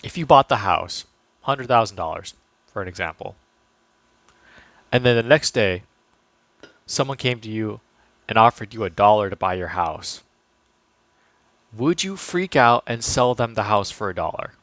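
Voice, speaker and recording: A man's voice: on the low side, lively intonation, measured pace, long pauses, fairly bright tone, no room sound. A man talking casually about investing to his viewers, chatty and loose, full of fillers and restarts. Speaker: finance vlogger. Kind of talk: casual talk to camera.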